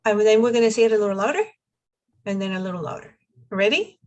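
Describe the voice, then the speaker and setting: A woman's voice: mid-range voice, expressive, fast talker, dull audio. A woman life coach leading a class over a video call, giving steps and checking that everyone follows. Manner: coaching, encouraging, checks understanding. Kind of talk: online class instruction.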